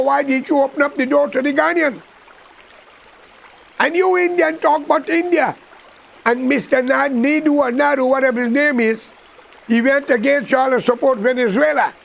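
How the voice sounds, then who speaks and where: A man with a Guyanese accent gives a rambling, impassioned political monologue, blunt and preachy. His voice sits high for a man, with a gravelly creak running through it. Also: fairly bright tone, rough recording.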